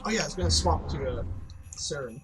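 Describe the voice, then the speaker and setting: A man's voice: a little high, expressive, a little fast, over music, poor audio. Rambling, joking man playing a game. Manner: rambling, joking, laughs often, mild swearing. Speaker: gaming commentator. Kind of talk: casual let's-play commentary.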